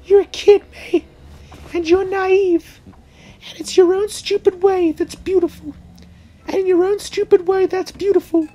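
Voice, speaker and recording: A man voicing a stern young female cat police officer in a falsetto, warning tone. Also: little pitch movement, measured pace, mellow.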